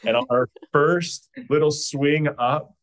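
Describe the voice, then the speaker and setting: A man, a podcast guest, telling a funny story in an animated, joking way. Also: fairly high pitch, slow. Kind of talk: casual storytelling.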